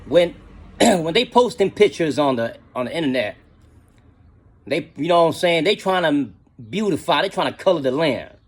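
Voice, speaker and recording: A middle-aged man tells a story in a loose, slangy way, with "you know what I'm saying" after nearly every thought. His voice sits high for a man and has a husky edge. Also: lively intonation, normal speed. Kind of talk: casual storytelling.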